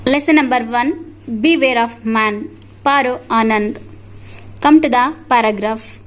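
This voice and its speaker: A woman with an Indian English accent reading a short text aloud to children in a steady, deliberate voice. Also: fairly high pitch. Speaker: reader of the lesson.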